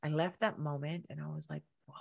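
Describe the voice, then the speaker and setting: Woman podcast host, deep voice with some fry, animated personal story. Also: brisk. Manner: animated, acts out quotes with big pitch jumps.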